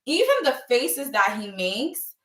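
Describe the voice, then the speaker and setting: A woman's voice: fairly high pitch, measured pace, reverberant, recorded from a distance. A woman chatting casually as she recaps a soap opera, acting out the characters' lines with lots of laughs. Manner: animated, acts out characters' lines, frequent laughs.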